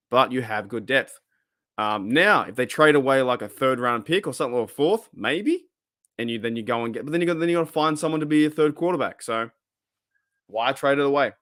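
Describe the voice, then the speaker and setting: A man with an Australian accent hosting a casual live stream, rambling and excitable as he reacts to chat. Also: mid-range voice, no room sound, clean studio sound. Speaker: livestream host.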